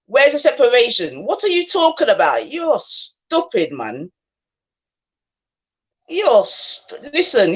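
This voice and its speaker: Woman ranting on her stream, taunty and in your face, pitch jumping all over, dull muffled audio. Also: a bit bright. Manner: taunting, confrontational, slangy. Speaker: livestream host. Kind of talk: casual livestream rant.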